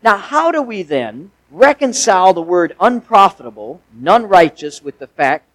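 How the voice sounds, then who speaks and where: A man's voice: high-pitched, big pitch swings, normal speed, fairly bright tone, no room sound, rough recording. Man preaching a folksy, emphatic sermon. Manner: conversational preaching with folksy asides and emphatic swells. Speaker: pastor.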